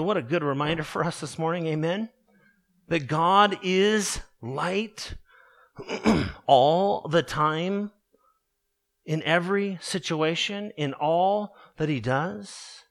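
A man preaching a sermon slowly and deliberately, stressing his points with emphatic repetition. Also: a little high, fairly bright tone. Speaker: pastor.

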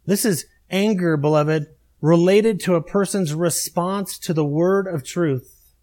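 Middle-aged man, pastor, high-pitched voice, emphatic sermon delivery with repeated phrases. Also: unhurried, darkish tone. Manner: emphatic, repetitive preaching cadence.

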